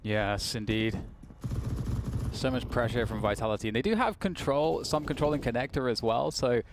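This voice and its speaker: A man giving analysis and excited calls as a co-commentator on a competitive shooter match. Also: mid-range voice, normal speed, background noise. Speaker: esports co-caster. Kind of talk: color commentary.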